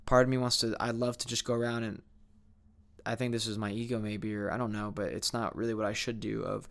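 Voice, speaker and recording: Candid rambling young man, smooth voice. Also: lowish voice, little pitch movement, fairly quick. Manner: candid, rambling, many fillers and restarts. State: sleepy, yawning. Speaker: vlogger. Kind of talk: rambling reflective monologue.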